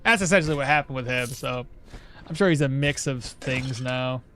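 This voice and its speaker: A man streaming a game, chatting casually and excitably, swearing now and then. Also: medium pitch, moderate pace, a little hiss or hum. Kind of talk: casual gameplay commentary.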